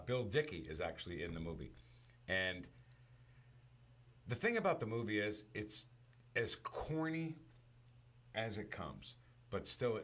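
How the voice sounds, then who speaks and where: A man chatting casually about movies, retelling scenes in an animated storytelling manner. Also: low-pitched.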